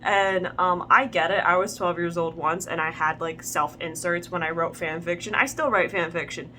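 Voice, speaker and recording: A young woman reading fan fiction aloud as host, deadpan, with wry asides and stumbles over the words. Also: on the low side, normal speed, a little hiss or hum. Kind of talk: reading fanfic aloud with commentary.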